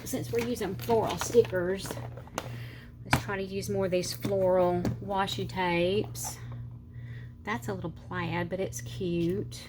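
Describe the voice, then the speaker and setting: A woman's voice: medium pitch, fairly even intonation, slow, noisy background. A middle-aged woman with a Southern US accent, chatting casually and rambling as she decorates her planner, with slightly slurred speech, sometimes counting under her breath. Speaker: planner channel host. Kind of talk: casual chatty crafting vlog.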